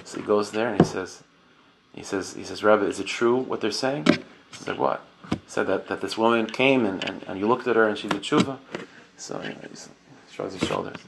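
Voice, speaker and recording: A man with a low voice and a gravelly edge delivers a storytelling sermon. He speaks casually, with frequent fillers and Hebrew and Yiddish terms. The recording has steady background noise. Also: a little fast. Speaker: rabbi giving a talk. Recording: noisy recording.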